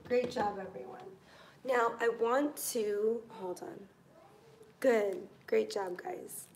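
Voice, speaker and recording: A woman teaching a live online English grammar class, patient and encouraging, pausing to think while she writes examples. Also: a little high, noisy background.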